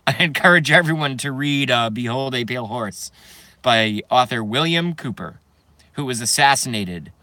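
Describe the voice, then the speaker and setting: A man's voice: mid-range voice, animated, moderate pace, bright, forceful tone. A man ranting on a live stream to his chat, profane and rambling, breaking into nervous giggles. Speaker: YouTube streamer.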